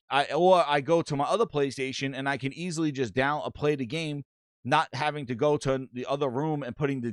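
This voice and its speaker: A man's voice: mid-range voice, no echo. Male podcast host, profane live-stream rant, dry close sound. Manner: animated, profane, reads chat aloud.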